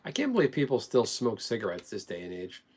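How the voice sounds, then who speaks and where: A man's voice: on the low side, wildly swooping pitch, fairly quick, a little mellow, husky. A man hosting a live stream, chatting casually in a rambling, joking way.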